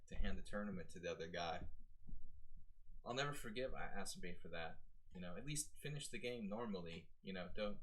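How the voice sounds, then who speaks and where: Male chess streamer, low-pitched, loose chatty talk to his viewers. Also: a bit bright, rough recording. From American. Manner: chatty, rambling, lots of fillers. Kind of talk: casual live-stream commentary.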